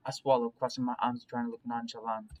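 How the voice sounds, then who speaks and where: A man reading the narration of a visual novel aloud in a quick, hushed voice. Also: mid-range voice, little pitch movement, dull audio. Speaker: let's play reader.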